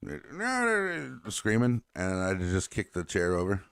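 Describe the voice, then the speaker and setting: A man's voice: sits low, fairly even intonation, normal speed, smooth, dry recording, studio quality. A man co-hosting a casual talk show, rambling with laughs and swearing as he tells stories. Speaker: podcast co-host. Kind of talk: casual chat.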